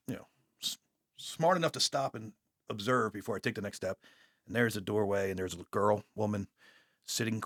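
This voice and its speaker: A man's voice: on the low side, no room sound, clean studio sound. A man on a podcast, a police officer and guest, telling stories in a casual, profane, rambling way and acting out the dialogue. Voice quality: profane, rambling, animated retelling with quoted dialogue. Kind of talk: casual storytelling. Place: podcast studio.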